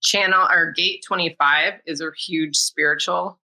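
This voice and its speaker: A woman reading a human design chart in a casual spiritual conversation, explaining in a measured way. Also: on the low side, fairly even intonation, sharp tone, low-quality recording.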